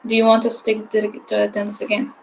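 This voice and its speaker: A woman's voice: medium pitch, completely flat delivery, fast, vocal fry, music in the background, poor audio. A woman chairing a mock conference on a video call, patiently explaining procedure and checking that others understand.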